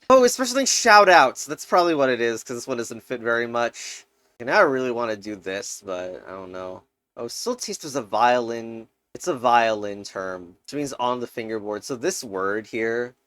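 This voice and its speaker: A man's voice: mid-range voice, a bit bright, dry recording. Chatty young man thinking aloud. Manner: thinking aloud, chatty, laughs often, mutters uncertainly. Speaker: puzzle game streamer. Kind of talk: casual commentary while solving crosswords.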